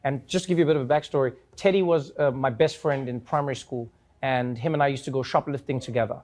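A man with a South African accent telling comic stories to an audience, acting out voices with big jumps in pitch. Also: fast, noisy background. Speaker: talk show host. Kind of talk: storytelling to a live audience.

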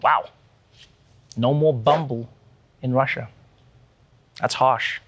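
A man's voice: mid-range voice, steady tone, slow pace, fairly bright tone, slightly rough. A man hosting a late-night comedy show, delivering a scripted monologue with sarcastic, exasperated asides.

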